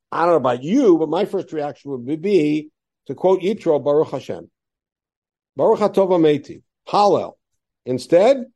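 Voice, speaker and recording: Reading Hebrew verses aloud, a man teaches a Torah lesson to a class and explains the text with rhetorical questions. His voice is warm and pitched on the high side.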